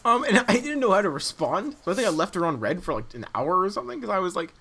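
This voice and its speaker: A man's voice: high-pitched, very animated, fast talker, creaky, bright, forceful tone, slightly rough. A young man hosting a casual podcast chat, telling a rambling story full of fillers. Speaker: podcast host.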